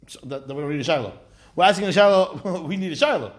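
A man teaching a lively study class, explaining step by step with rhetorical questions and acted-out quotes. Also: a little high, quick pace. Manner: animated, asks rhetorical questions, acts out quotes. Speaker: Talmud teacher.

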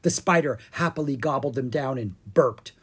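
A storybook narrator reading a children's book aloud in an animated way. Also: medium pitch, normal speed, husky. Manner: animated, expressive. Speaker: audiobook reader.

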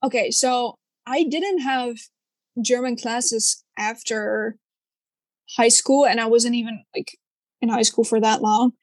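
Her voice sits a touch high and sounds dry and close, with no room around it. A young Dutch woman with a Dutch accent chats animatedly as co-host, her throat slightly sore, her talk full of fillers. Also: slow pace, no room sound. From Netherlands. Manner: animated, chatty, many fillers. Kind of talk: casual chat.

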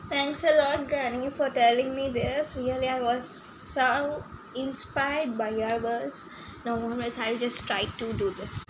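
A woman's voice: high voice, fairly even intonation, a little slow, noisy background. A woman voicing an emotional young guest in his twenties who gushes with tearful thanks. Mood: moved, grateful. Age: 20s.

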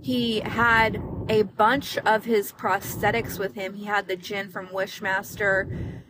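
A young woman co-hosting a podcast in casual chat, talking fast with lots of likes and swearing, with hiccups. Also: medium pitch, flat delivery, background noise. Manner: chatty, swears freely, many likes and restarts. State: has the hiccups. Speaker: podcast co-host.

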